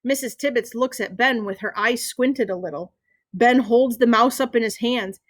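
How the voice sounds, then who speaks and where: A woman's voice: fairly high pitch, normal speed, no echo, studio quality. Woman reading a children's story aloud. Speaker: reader.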